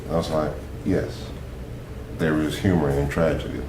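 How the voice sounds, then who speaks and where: A man's voice: very deep voice, little pitch movement, moderate pace, darkish tone. A man, a veteran guest, telling a humorous, laid-back story about being wounded. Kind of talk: casual storytelling. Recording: echoey room, faint noise.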